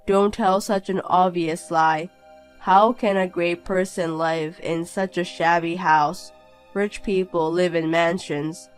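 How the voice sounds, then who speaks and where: A woman voicing a snobbish, cheating rich young man in an animated story, sneering and then pleading. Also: on the low side, slow, smooth, soft background music, rough recording.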